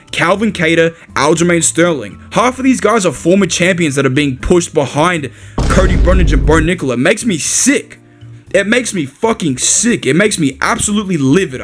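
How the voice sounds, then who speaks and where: Furious ranting young man. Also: on the high side. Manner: heated, profane, repeats himself and says bro. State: livid. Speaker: MMA commentary channel host. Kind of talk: angry rant to camera.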